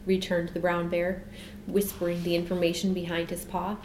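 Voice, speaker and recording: A woman narrating a children's storybook audiobook in a calm, measured way. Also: lowish voice. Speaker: audiobook reader. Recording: roomy echo, faint background noise.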